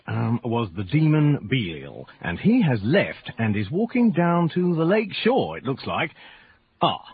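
A hesitant, stammering reporter whose pitch swings very widely. The sound is thin and tinny like a phone line, with a faint hiss. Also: male voice. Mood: reporting. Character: hesitant, nosy male reporter. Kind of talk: radio drama acting.

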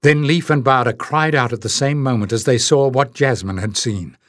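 A man narrating a fantasy audiobook in a steady, expressive storytelling manner. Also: mid-range voice, moderate pace, no room sound, clean studio sound. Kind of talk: scripted narration.

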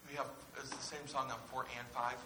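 A man's voice: mid-range voice, flat delivery, brisk. A man preaching a sermon as pastor, earnestly putting questions to his congregation. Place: church. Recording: echoey church room with faint hiss.

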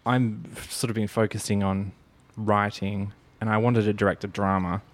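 Male host, lowish voice, relaxed rambling delivery, dry close mic. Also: moderate pace, no room sound. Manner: relaxed, rambling, thinks aloud. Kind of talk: casual chat.

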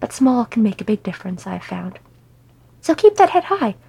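A woman's voice: fairly high pitch, big pitch swings, moderate pace, vocal fry, dark tone, slightly rough, heavily acted. A woman voicing an old male hobbit who is fussy, kindly and rambling.

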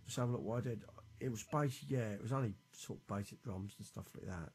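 A man's voice: lowish voice, quick pace, a little hiss or hum. A man chatting casually to himself and his viewers while making music on a stream, rambling and swearing freely. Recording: loud guitar music playing behind.

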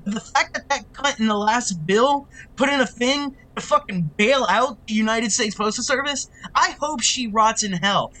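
A man's voice: very high voice, sharp tone. A man, co-hosting a podcast and ranting angrily in casual chat with heavy swearing. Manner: angry, heavy swearing, quick storytelling. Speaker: podcast co-host. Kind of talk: casual profane rant.

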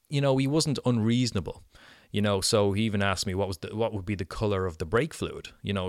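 A man's voice: lowish voice, clean tone, dry recording, clean studio sound. A middle-aged Irish man hosting a podcast, telling a story in a chatty way, full of "you know" fillers. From Ireland. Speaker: podcast host. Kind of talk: casual storytelling monologue.

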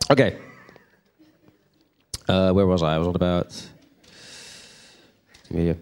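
A man's voice: low-pitched, fairly even intonation, takes it slowly, pauses often, a little mellow, clean tone. A man teaching a church group in a casual, rambling way, often checking in with his listeners. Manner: chatty, rambling, checks in with the room. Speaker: preacher.

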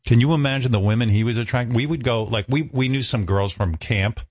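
A man's voice: medium pitch, fast talker, darkish tone, dry recording, clean studio sound. A man telling stories from his own life in a casual, self-mocking way, acting out other people's lines. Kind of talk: casual storytelling chat.

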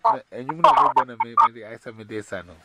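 A man's voice: very high-pitched, wildly swooping pitch, fairly quick, gravelly. A man chatting casually on a call, rambling in broken pidgin English and often laughing. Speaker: caller. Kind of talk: casual chat. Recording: loud noisy call recording.

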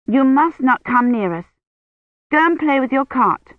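A woman voicing a firm, caring young woman who speaks sternly and gently. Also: sits high, expressive, a little slow, no echo, voice pushed up. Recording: tinny phone-like line.

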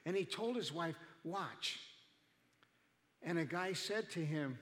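A man's voice: high-pitched, animated, unhurried, a bit bright, in a large hall. A male pastor preaching a sermon in a conversational way, acting out the people he quotes. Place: church.

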